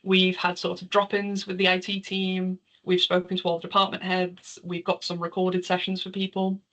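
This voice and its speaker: A woman's voice: fairly low pitch, completely flat delivery, moderate pace, fairly bright tone. A woman with an English accent from near Liverpool, giving a chatty online talk and taking questions. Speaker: conference speaker. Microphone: video call. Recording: slightly dull video call audio.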